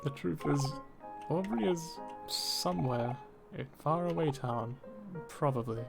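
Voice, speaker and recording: A player voicing a boastful young boy fighter with grandiose, shouting delivery. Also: mid-range voice, lively intonation, unhurried, vocal fry, over music. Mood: dramatic.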